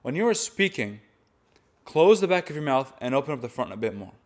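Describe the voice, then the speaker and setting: A man's voice: medium pitch, sing-song, fairly quick. A man teaching voice technique, explaining each step plainly and demonstrating sounds between his explanations. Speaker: voice and chant teacher. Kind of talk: vocal technique lesson.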